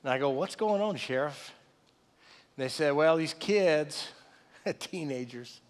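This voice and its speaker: A middle-aged man preaching a sermon with conversational storytelling, swinging from loud excited retelling to soft low tones. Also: a little slow, clear, resonant tone. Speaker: pastor. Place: church sanctuary. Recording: long reverb of a large hall.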